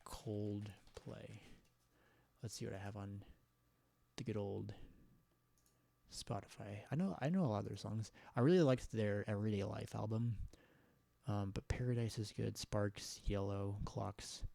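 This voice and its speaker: A laid-back man hosts a casual live chat, his voice low and mellow with a gravelly fry. He stammers and laughs easily as he talks over a dry, close recording. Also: measured pace, no echo. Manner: relaxed, stammering, laughs often. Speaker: livestream host taking callers.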